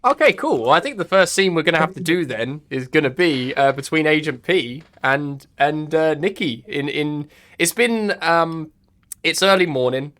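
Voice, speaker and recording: A man's voice: on the high side, lively intonation, normal speed, fairly bright tone. A man acting as game master, setting scenes with many hesitations and fillers. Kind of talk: running a tabletop role-playing game.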